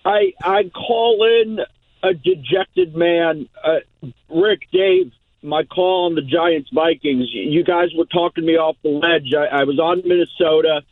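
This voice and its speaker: A man calling into a radio show from his mobile, speaking slowly in a mock-dejected, deadpan way. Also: fairly high pitch, no echo. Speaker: regular caller. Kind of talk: call-in. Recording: tinny phone line from a mobile.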